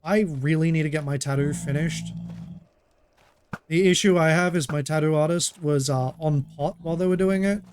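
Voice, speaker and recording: Man from Australia, gaming streamer, slightly higher voice, chatty, laughs between in-game remarks. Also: normal speed, darkish tone. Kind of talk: casual live gameplay chat.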